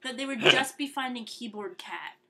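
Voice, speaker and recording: A woman's voice: on the high side, normal speed, gravelly, heavy background noise. A young woman co-hosting a podcast, casually mocking a movie, swearing freely. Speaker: podcast co-host. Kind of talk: casual movie-review chat.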